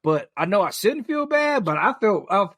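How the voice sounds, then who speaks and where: A man on a podcast, telling a story in casual chat, animated, full of fillers and restarts, swearing freely. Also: high-pitched, normal speed, no room sound, clean studio sound. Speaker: podcast co-host.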